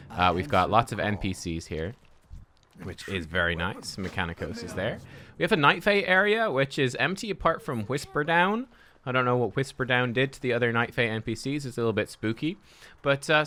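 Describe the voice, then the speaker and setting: A man's voice: on the low side, sharp tone. A man giving chatty, upbeat gameplay commentary as host of a gaming video, laughing often.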